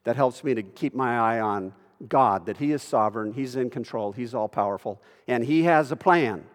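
A male pastor preaching in a big church hall, his voice carrying a long reverb. He talks in a folksy manner and turns to the congregation with rhetorical questions. His pitch sits in the ordinary middle range for a man. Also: moderate pace. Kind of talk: sermon.

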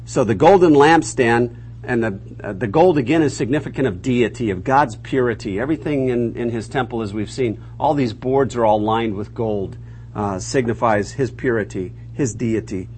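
A man's voice: medium pitch, moderate pace, darkish tone, a little hiss or hum. A man teaching a conversational Bible lesson, asking the class rhetorical questions and restarting his sentences often.

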